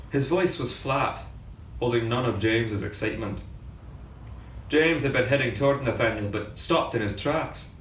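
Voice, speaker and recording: A man, a ship captain, reading a story aloud in a measured storytelling manner, recorded from a distance in a reverberant room with faint background ambience. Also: medium pitch, fairly bright tone, a little hiss or hum.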